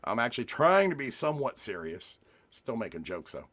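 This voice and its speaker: A man's voice: mid-range voice, sing-song, a little fast, a bit bright. A man vlogging casually to camera, joking and rambling with frequent restarts and asides.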